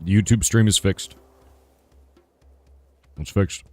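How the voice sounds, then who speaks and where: A hoarse man streaming live, answering chat in a rambling casual way with lots of "right?" asides. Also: on the low side, slow pace, no echo, faint music behind. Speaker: streamer and game developer.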